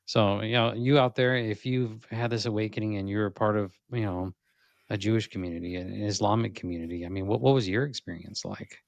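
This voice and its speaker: Laid-back, joking man with a low voice. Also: fairly even intonation, fairly quick, creaky, dry recording. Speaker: podcast co-host. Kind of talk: casual spiritual podcast chat.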